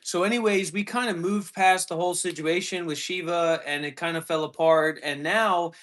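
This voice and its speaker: A man's voice: high-pitched, fairly even intonation, moderate pace, a bit bright. A man live streaming, talking bluntly and lecturing the person he addresses.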